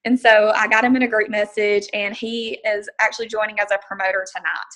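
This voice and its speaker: A woman excitedly telling a story on a group call, acting out her own inner dialogue. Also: medium pitch, fairly quick, rough recording. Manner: excited, storytelling with many quoted asides. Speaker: team member sharing a success story. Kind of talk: casual call testimony.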